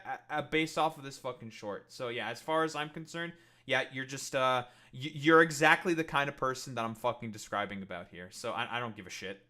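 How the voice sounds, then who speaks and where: A man's voice: mid-range voice, sharp tone. A man streaming live, ranting in a profane, combative and dismissive way, rambling with many fillers. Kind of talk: casual livestream rant.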